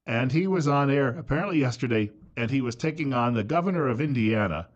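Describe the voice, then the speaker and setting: Sarcastic radio talk host. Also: male voice, medium pitch, animated, a little fast, dull audio. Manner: sarcastic, mocking, chuckling asides. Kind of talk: opinionated talk radio monologue. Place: radio studio.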